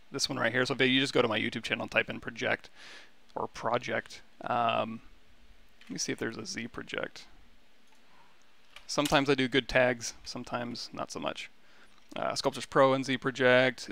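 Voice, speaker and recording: A man giving a relaxed, rambling livestream tutorial on software, with many fillers and restarts. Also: mid-range voice, gravelly, no echo. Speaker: 3D sculpting instructor.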